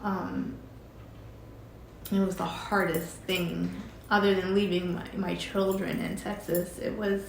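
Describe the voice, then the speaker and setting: A woman's voice: on the low side, little pitch movement, gravelly, echoey room, a little hiss or hum. Emotional woman telling her story. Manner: halting and emotional, many fillers and restarts. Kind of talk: personal storytelling.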